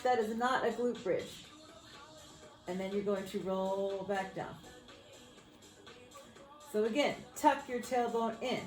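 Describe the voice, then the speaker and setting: A woman's voice: fairly high pitch, echoey room, rough recording. A woman fitness coach leading a floor workout, upbeat and whooping as she exercises along, slightly out of breath. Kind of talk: workout instruction.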